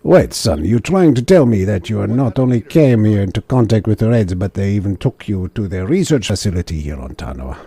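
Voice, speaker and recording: A man voicing a gruff, commanding mercenary colonel in a video game who briskly briefs a survivor and calls him son. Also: deep voice, expressive, dark tone, dry recording, full character voice. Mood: suspicious.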